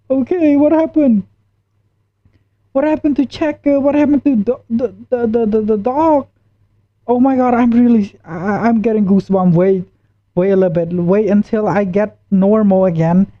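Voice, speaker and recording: A woman's voice: medium pitch, moderate pace, no echo. A woman streaming a live reaction, stammering and repeating herself as she gets spooked. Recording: dull lo-fi stream mic.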